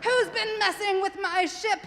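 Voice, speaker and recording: A woman's voice: extremely high pitch, fairly even intonation, a little slow, fairly bright tone, in a large hall, pitched above the performer's own voice, full character voice. A woman voicing a bold, adventurous female pirate captain in a children's story told aloud in church. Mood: brash. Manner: brash, exclaiming.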